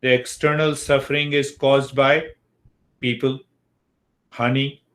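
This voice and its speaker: In a fairly bright, mid-range voice with little pitch movement, an older man teaches yoga philosophy. He proceeds slowly and deliberately, answering the very questions he asks.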